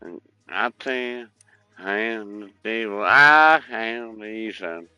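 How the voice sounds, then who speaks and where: A man's voice: lowish voice, slow pace, sharp tone, smooth, no room sound, muffled recording. A man streaming a game, chatting crudely and joking around, breaking into song. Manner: crude, joking, bursts into singing along. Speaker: gaming streamer. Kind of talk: casual stream chat.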